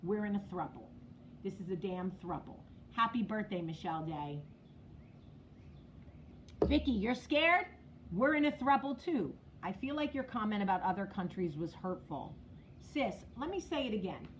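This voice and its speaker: A woman's voice: mid-range voice, expressive, moderate pace, slight background noise, low-quality recording. A middle-aged woman with a New Jersey accent hosting a casual live stream, blunt and profane, talking straight to commenters by name. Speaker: vlog host.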